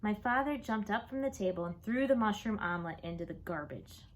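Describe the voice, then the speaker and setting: A woman reading a children's book aloud, with expressive, lively storytelling. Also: medium pitch, a little fast, slight background noise. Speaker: audiobook reader.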